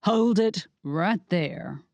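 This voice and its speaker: A woman's voice: medium pitch, lively intonation, drawn-out words, a little mellow, dry recording. Woman reading a threatening enraged woman. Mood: menacing. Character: menacing knife-wielding woman, enraged. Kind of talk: audiobook character voice.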